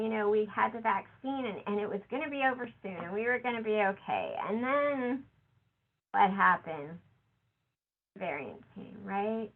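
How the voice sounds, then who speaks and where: A woman giving a conversational conference talk, acting out quotes from other people. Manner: conversational, quotes others with lively shifts in pitch. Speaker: conference speaker. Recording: tinny phone-like audio.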